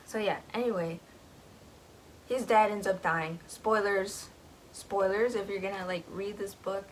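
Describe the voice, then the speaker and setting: A woman's voice: mid-range voice, fairly even intonation, unhurried, slight background noise, rough recording. Rambling young woman retelling a book. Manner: rambling, lots of "like"s, giggly. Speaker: book vlogger.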